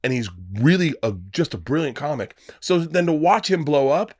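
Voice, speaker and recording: A man's voice: fairly high pitch, moderate pace, no echo. A man, a guest comedian, telling rambling, profane stories in casual podcast chat on a studio mic. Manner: rambling, profane, animated storyteller.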